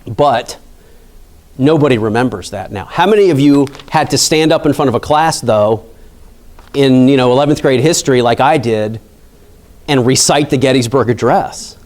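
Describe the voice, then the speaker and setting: A man's voice: mid-range voice, normal speed, a little mellow. Park site manager, male, from Pennsylvania; conversational lecture, quizzes the crowd, mid-range voice. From Pennsylvania, USA. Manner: chatty, asks the audience questions, frequent asides. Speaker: national park site manager giving a public talk.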